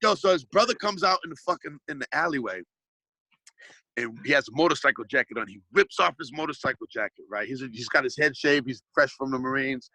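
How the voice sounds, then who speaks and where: Brief: rambling, profane male storyteller, bright edgy tone, dry close mic. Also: medium pitch, expressive, a little fast, no room sound, poor audio. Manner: profane, rambling, restarts a lot. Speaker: hip-hop artist guest. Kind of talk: casual storytelling.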